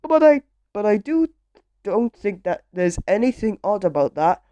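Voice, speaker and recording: A woman's voice: medium pitch, sing-song, normal speed, dark tone, no room sound, dull audio, pitched above the performer's own voice, lightly acted. A woman voicing a muddled, cheerful young woman in a read-aloud children's storybook, giddy and flustered. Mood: puzzled.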